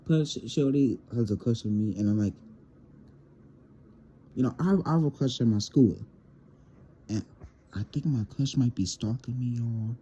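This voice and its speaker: A man's voice: mid-range voice, normal speed, pauses often, warm tone, breathy edge. A teenage boy telling a rambling storytime to his viewers, stammering and repeating words as he goes. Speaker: vlogger. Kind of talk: casual storytime monologue.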